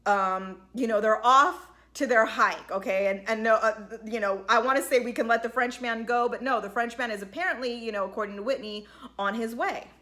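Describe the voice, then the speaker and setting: A woman's voice: fairly high pitch, fairly quick, bright, forceful tone. A woman giving a chatty, casual recap of a reality show, peppered with "like" and "you know". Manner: chatty, lots of "like" and "you know", acts out quotes. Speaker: recap vlogger.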